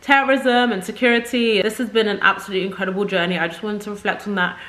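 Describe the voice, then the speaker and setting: A woman's voice: mid-range voice, steady tone, quick pace, a bit bright. A young woman beauty creator chatting casually to camera from a makeup setup at home, rambling and effusive.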